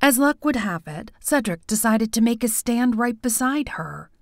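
A woman reading a first-person audiobook in an expressive, animated way, close to the mic. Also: a little high, moderate pace, no echo. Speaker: audiobook narrator.

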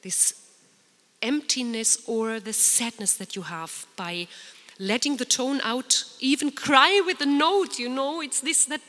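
A soprano singer in an informal talk, leading the audience in singing and swooping her voice high and low as she demonstrates. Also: unhurried, pushed and bright. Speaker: soprano singer speaking at a symposium. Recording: long reverb of a large hall.

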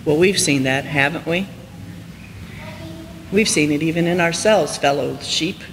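A male pastor preaching a storytelling sermon, climbing high and loud for emphasis and then dropping soft and slow. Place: church sanctuary. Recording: church hall reverb, faint hiss.

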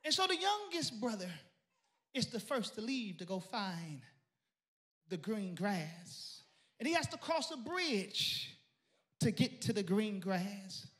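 A male pastor a sermon, telling a story and building to shouted praise. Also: sits high, sing-song, slow pace.

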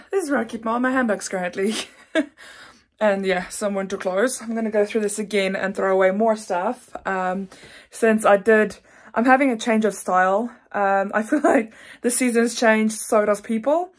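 A young woman, chatting earnestly in a casual home vlog, full of fillers and restarts. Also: medium pitch. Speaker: vlogger.

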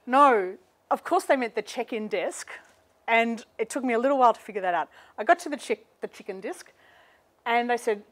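A woman's voice: fairly high pitch, fairly quick, a bit bright. Middle-aged woman lecturing with wry humor. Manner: humorous anecdotal storytelling. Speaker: guest lecturer. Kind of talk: university seminar lecture. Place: lecture room with an audience. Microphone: microphone.

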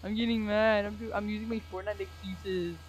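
A gamer giving casual gameplay commentary with excitable trash talk, yelps and gasps. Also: medium pitch, a little fast, slight background noise. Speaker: gamer playing online.

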